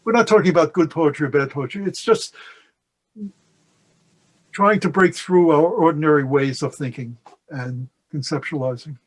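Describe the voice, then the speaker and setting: An older man, a guest poet, chatting on a video call, halting with many restarts and slowing down to read poems aloud. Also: fairly high pitch, poor audio. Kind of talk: casual discussion with poetry readings.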